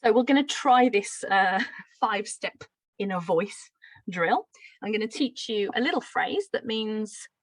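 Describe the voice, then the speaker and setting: This teacher trainer, a woman from Birmingham, England, speaks with a Brummie accent as she explains a pronunciation drill in a live teacher-training lesson. She's expressive and a little slow, medium in pitch, friendly with light laughs, recorded in low quality without room sound.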